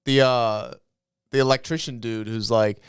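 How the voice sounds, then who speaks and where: A man co-hosting a podcast, chiming in with relaxed, joking remarks. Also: medium pitch, unhurried, clear, resonant tone, dry recording, clean studio sound. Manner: chiming in, joking, laid-back. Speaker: podcast co-host. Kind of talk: casual podcast banter.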